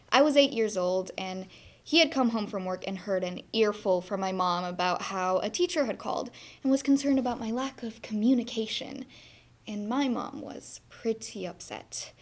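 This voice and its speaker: A woman's voice: on the high side, lightly acted. An actress playing a shy young woman in a theatre monologue, telling her story in a wry, reflective way. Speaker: stage actor.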